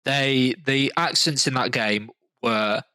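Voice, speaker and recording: A man's voice: mid-range voice, slow pace, sharp tone, clear, resonant tone, no echo, rough recording. A man from London with a London accent, hosting a podcast in casual chat, rambling with restarts and fillers. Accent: London English. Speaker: podcast host.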